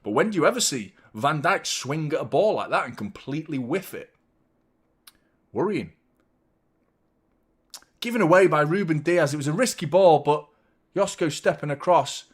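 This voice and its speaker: A man hosting a live football watchalong, chatting casually with animated, sweary banter. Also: fairly high pitch, normal speed, long pauses, slightly rough. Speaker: host of a football fan watchalong.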